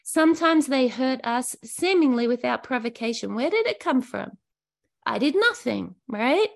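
A woman's voice: sits high, lively intonation, moderate pace, gravelly. A woman who leads recovery workshops, sharing earnestly and heartfelt in an online meeting, with frequent restarts and fillers.

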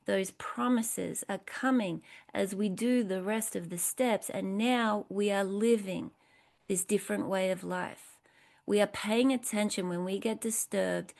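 A woman leading a recovery program step study, reading passages aloud and explaining them point by point in a deliberate, instructive way. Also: medium pitch, darkish tone. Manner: slow, deliberate, instructive, lists points one by one.

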